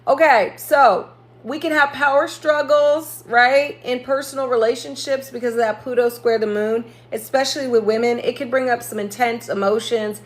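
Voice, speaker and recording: A woman's voice: a little high, steady tone, moderate pace. Chatty woman astrologer on a live stream. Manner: chatty, laughing, jokes and corrects herself, greets viewers by name.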